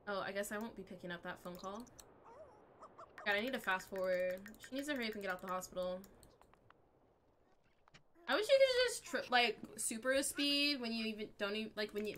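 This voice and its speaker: A bright-voiced young woman with a fairly high pitch, chatting to her stream audience as she plays. She reacts aloud and excitably, and faint background noise and mouse clicks sit under her voice. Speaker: game streamer. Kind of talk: live-stream gameplay chat with viewers.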